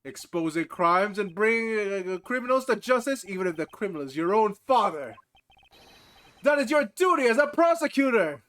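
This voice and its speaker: A man voicing a cool, composed male prosecutor from a game, reading in a measured, stern and formal way. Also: sits high, sing-song, fairly bright tone. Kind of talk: reading game dialogue aloud.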